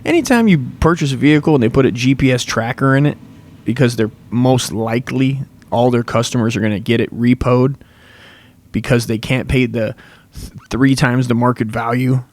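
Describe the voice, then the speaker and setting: A man's voice: mid-range voice, normal speed, darkish tone. A young man hosting a comedy podcast, rambling through a crude, profane monologue full of swearing.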